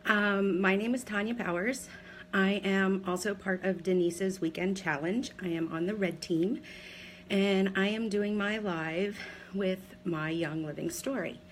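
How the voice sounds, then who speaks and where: A woman's voice: medium pitch, steady tone, unhurried, a little hiss or hum, rough recording. A woman in her forties from Pennsylvania telling her personal story on a live video in a chatty, candid way, with many ums and laughs at herself. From Pennsylvania, USA. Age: 40s. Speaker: direct seller sharing her story.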